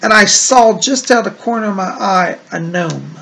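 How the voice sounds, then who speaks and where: A man's voice: sits high, moderate pace, vocal fry, pushed and bright, a little hiss or hum. A man hosting a psychic show, reading viewer letters in a casual, reassuring, chatty way. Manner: chatty and reassuring, with frequent "like" and "you know". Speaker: psychic medium host.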